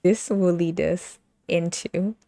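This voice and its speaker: A woman's voice: lowish voice, steady tone, slow, creaky. A woman with a British accent hosting a podcast, chatting casually and playfully, laughing often and breaking into sing-song bits. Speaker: podcast host. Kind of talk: casual chat.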